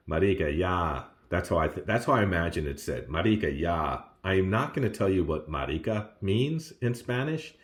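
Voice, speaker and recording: Very deep-voiced man reviewing study notes. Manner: animated, laughs often, jumps up in pitch on exclamations. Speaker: language learner sharing study notes. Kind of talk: casual self-recorded lesson.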